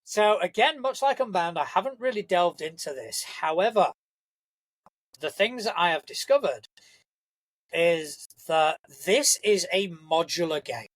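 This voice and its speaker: A man's voice: high voice, lively intonation, unhurried, no room sound, rough recording. A young man hosting a casual solo podcast, rambling and enthusiastic, swearing freely. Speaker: podcast host.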